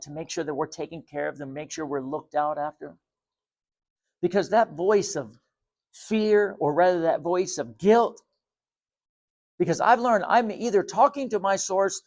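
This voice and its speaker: A man giving a spiritual talk to viewers, calm, repetitive and gently insistent. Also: high voice. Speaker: spiritual teacher.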